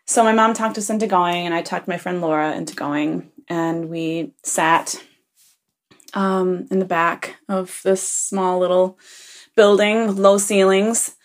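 A woman's voice: on the low side, steady tone, measured pace. A woman who is a parent leaves a rambling message for a podcast, telling a funny story with many ums and chuckles. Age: adult parent. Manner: rambling, full of ums and self-corrections. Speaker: listener leaving a message for a podcast. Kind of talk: casual anecdote.

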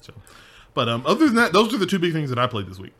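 Bright-voiced laughing podcast host man. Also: a little high, huge pitch swings, very fast. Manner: laughs often, rambling with restarts. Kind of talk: casual gaming podcast chat.

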